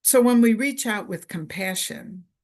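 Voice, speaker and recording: A woman presenter giving a conference lecture in a deliberate way, repeating key phrases in short lists for emphasis. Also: fairly high pitch, darkish tone. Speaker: workshop presenter.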